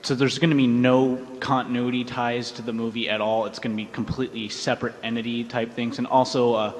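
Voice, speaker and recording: Casual fan at a hall mic. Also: male voice, mid-range voice, flat delivery, a little fast, slight background noise. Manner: casual, loose, rambling. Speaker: fan asking a question.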